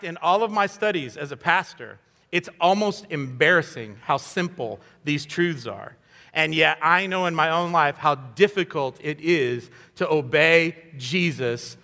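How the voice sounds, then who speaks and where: A man's voice: fairly high pitch, a little slow, gravelly, bright, forceful tone. A man in his fifties preaching a sermon as guest pastor, conversational and self-deprecating, with frequent fillers. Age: 50s. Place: church. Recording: hall reverb.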